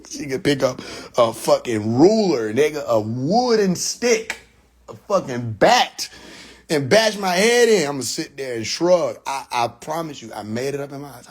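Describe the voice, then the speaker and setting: A man telling a story on a live stream in a loose, animated way, swearing freely, laughing often and making sound effects. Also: a little high, unhurried.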